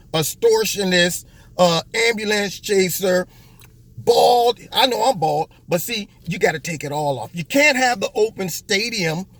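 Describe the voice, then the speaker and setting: A man hosting a political commentary monologue, speaking in an animated, mocking way and often slipping into voices. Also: sits high, dry recording. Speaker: host.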